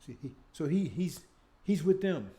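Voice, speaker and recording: A man's voice: on the high side, big pitch swings, normal speed, dark tone. A man preaching a monologue who talks with heavy emphasis, repeats himself and keeps asking "See?". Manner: emphatic, repetitive, asks "See?" often; rhetorical questions and mocking asides. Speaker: speaker leading his own show.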